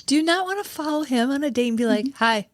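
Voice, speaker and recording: Woman, podcast host, casual interview, affirming, laughs along, fairly high voice, dry sound. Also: lively intonation, fast, no room sound.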